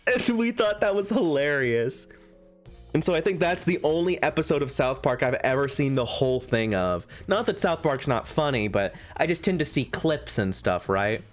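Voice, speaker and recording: A man's voice: mid-range voice, lively intonation, moderate pace, soft background music. A man chatting casually on a live stream as he reads a visual novel, rambling to his viewers. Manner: rambling, chatty asides to viewers, frequent laughs.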